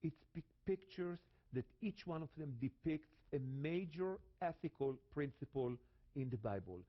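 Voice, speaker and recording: Animated Israeli man teaching scripture. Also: moderate pace, lo-fi sound. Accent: Israeli Hebrew. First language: Hebrew. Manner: dramatic, shifts pitch and volume for emphasis, repeats phrases. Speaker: guest Bible teacher.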